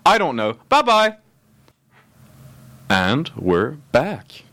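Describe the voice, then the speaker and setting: A young man hosting a student radio show, chatting and joking with a guest. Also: fairly low pitch. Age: young adult. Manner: fast, joking, animated. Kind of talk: casual chat.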